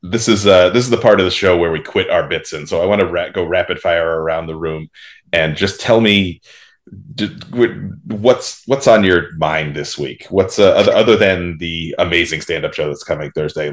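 A man with a very low voice hosts a loose comedy podcast, tossing in jokes and stumbling over restarts. He sounds like he is talking into a video call. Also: normal speed. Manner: chatty, joking, stammers on restarts. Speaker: podcast host. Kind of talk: casual chat.

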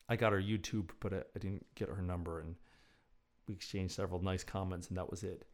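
A man's voice: deep voice, fairly even intonation, brisk. A man telling a casual, rambling story with self-deprecating humor. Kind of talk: casual anecdote.

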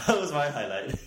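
A man's voice: a little high, reverberant, background noise. A man with an English accent co-hosting a podcast, chatting casually and explaining stories at length. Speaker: podcast co-host. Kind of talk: casual chat.

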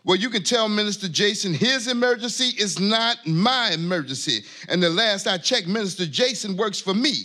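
A man's voice: normal speed, few pauses. An actor playing an impatient, bossy pastor who talks down to his secretary and counsels a younger minister. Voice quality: high lively voice, brusque and commanding with his secretary. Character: bossy middle-aged male pastor, impatient. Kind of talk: church comedy drama acting.

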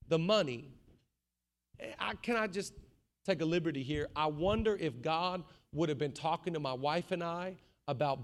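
A man preaching a sermon as pastor, animated, building to shouts and acting out voices of the people in his story. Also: high voice. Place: church.

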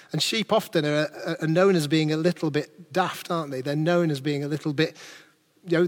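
A man's voice: a little high, big-room sound. A man preaching a sermon as pastor, earnest and building his points through rhetorical questions.

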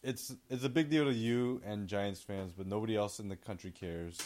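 A man's voice: on the low side, moderate pace, darkish tone. Dry, contrarian American man co-hosting. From United States. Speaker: podcast co-host. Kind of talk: casual chat.

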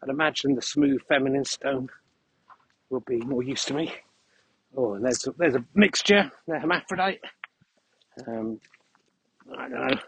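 A man rambling through a deadpan, mock-grandiose comic monologue while walking his dog across open fields, recorded on a mic he carries. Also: medium pitch, normal speed, pauses often, slightly rough.

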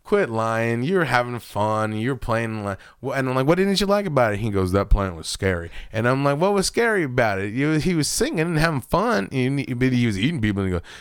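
A man's voice: mid-range voice, big pitch swings, fairly quick, few pauses, clear, resonant tone, no echo, studio quality. A man co-hosting a podcast, telling stories in casual chat, swearing freely and acting out the voices of the people in them. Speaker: podcast co-host.

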